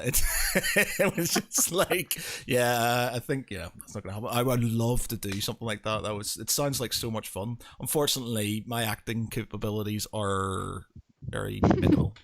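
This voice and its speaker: A man's voice: mid-range voice, a little hiss or hum. A man hosting a podcast, chatting casually, rambling and hesitant. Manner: rambling, hesitant, self-deprecating. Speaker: podcast host.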